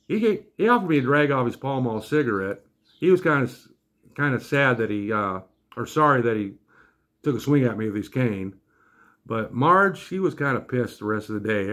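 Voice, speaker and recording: A man's voice: mid-range voice, fairly bright tone. Wry older grandfather telling a story. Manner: wry and exasperated. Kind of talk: comic storytime.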